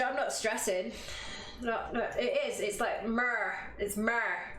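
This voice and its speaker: A woman's voice: on the high side, fairly even intonation, takes it slowly, a bit bright. A young woman with a cough, leading a live-stream yoga class in casual chat, laughing often and swearing freely. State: has a cough. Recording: roomy room with faint music.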